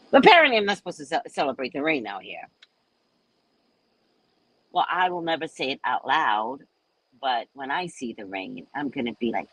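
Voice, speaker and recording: A woman from California hosting a casual show, chatting and telling stories in an animated way. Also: medium pitch, a little slow, pauses often, breathy edge, rough recording. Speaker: host. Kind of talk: casual chat.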